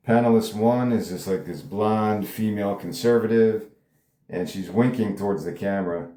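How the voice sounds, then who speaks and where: A man's voice: on the low side, moderate pace, mellow. A man reading a script aloud in a casual way, with laughing asides between lines. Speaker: script reader. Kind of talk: casual table read narration. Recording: roomy echo.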